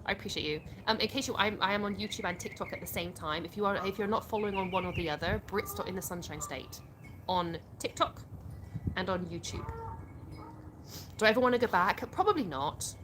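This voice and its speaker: A woman's voice: medium pitch, animated, noisy background. Chatty English woman livestreaming outdoors. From England. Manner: chatty, quick to laugh. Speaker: livestream host. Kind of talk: casual chat, reading viewer comments aloud.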